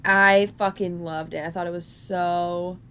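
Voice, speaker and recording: Casual, slightly low-voiced woman podcaster. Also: little pitch movement, measured pace, fairly bright tone, slight background noise. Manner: candid, jokey, laughs often. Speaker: podcast co-host. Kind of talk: casual podcast chat about a film.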